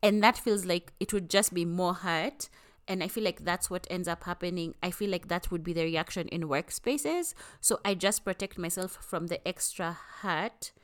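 A woman co-hosting a podcast, talking in a blunt, animated, casual way and swearing freely. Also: lowish voice, moderate pace, few pauses. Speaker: podcast co-host. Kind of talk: casual chat.

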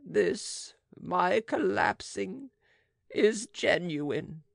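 A man putting on a creaky, quavering old magician. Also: high voice, lively intonation, very slow, dry recording, studio quality, pitched above the performer's own voice, heavily acted. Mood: lamenting. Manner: quavering, theatrical lament. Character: weary, self-pitying old male magician. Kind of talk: audiobook dramatic reading.

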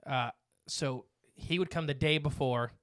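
A man's voice: medium pitch, unhurried, fairly bright tone, dry recording, studio quality. A man hosting a casual podcast, reading from notes with fillers and asides. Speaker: podcast host.

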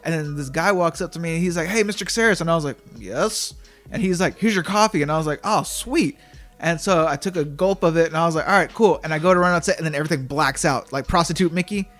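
A man with a slightly higher voice rambles through a story, stacking "like" between every phrase and slipping into the voices of the people in it. Faint music plays under the talk. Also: fast, fairly bright tone. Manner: rambling, heavy use of "like", acts out quotes. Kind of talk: casual storytelling chat.

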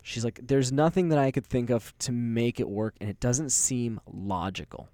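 A man's voice: medium pitch, normal speed, mellow, dry recording, studio quality. A young man co-hosting a podcast, telling stories in a rambling, casual way with easy swearing and laughter. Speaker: podcast co-host. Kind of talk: casual chat, storytelling.

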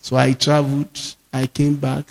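A man with a Nigerian accent, a pastor preaching and telling lively personal stories in a sermon, slipping into Yoruba. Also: medium pitch, normal speed, gravelly. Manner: lively storytelling, mixes English with Yoruba. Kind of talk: sermon storytelling.

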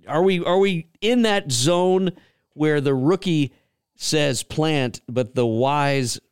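A man's voice: a little high, slow, smooth, dry recording, studio quality. A man from Georgia, hosting a talk show in a folksy, rambling, storytelling way. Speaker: radio show host. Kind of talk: casual chat.

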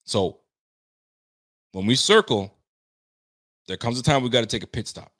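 Excitable man hyping up a live stream. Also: medium pitch, moderate pace. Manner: animated, slangy, swears freely, builds himself up into excitement. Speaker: live-stream host reading viewer comments. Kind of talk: casual fan chat.

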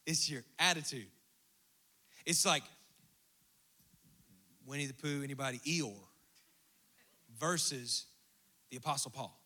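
A man preaching a sermon, swinging from hushed asides to emphatic, rhythmic declarations. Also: mid-range voice, unhurried, pauses often. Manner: animated preaching, dropping to near-whispers and rising to emphatic bursts. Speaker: pastor.

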